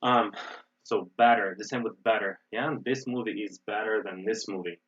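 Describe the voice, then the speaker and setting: American guy teaching english online, lowish husky voice, lots of ums, muffled audio. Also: normal speed. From United States. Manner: relaxed, explanatory, with frequent fillers and restarts. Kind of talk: online webinar lesson.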